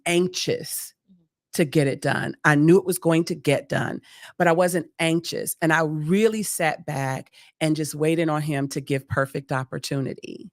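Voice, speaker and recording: Expressive middle-aged woman podcast host, dry sound. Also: low-pitched, no room sound. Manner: warm, grateful, expressive with laughs. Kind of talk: casual interview chat.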